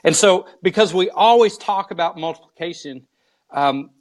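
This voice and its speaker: Male pastor guest, slow storyteller, slightly high voice. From United States. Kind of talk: live video interview.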